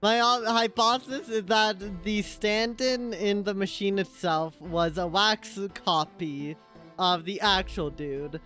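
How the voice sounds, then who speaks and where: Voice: mid-range voice, slow pace, sharp tone, faint music behind. A streamer thinking aloud during a live game, rambling and self-mocking between lines. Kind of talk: live game commentary and reading.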